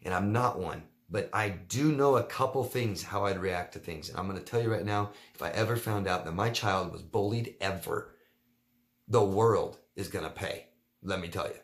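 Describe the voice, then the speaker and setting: Low-voiced guy coaching viewers, blunt, keeps hammering the same words. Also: normal speed. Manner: emphatic and blunt, repeats key words. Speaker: relationship coach answering viewer questions. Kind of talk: casual Q&A monologue.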